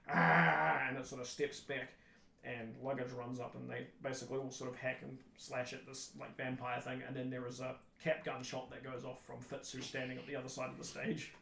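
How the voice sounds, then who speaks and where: Tabletop game master from New Zealand, animated storyteller, echoey recording. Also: mid-range voice, creaky, a little hiss or hum. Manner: animated storytelling, acts out little voices.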